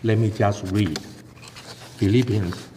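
Male lay preacher, earnest and halting, slightly non-native phrasing, echoing hall, faint rumble underneath. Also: mellow. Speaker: lay preacher giving testimony. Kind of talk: sermon testimony.

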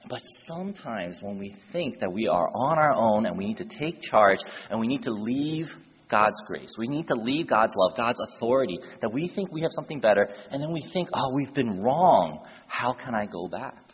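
A man preaching a sermon through an animated story, shifting voices for the characters and using casual fillers, recorded with dull lo-fi sound in a reverberant church hall. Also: medium pitch, fairly quick, breathy edge.

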